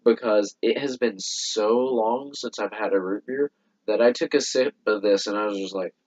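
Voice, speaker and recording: A young man co-hosting a soda review with his father, hoarse from a cold, agreeable and quick to chime in. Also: on the low side, darkish tone. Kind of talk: casual chat. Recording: dull lo-fi sound.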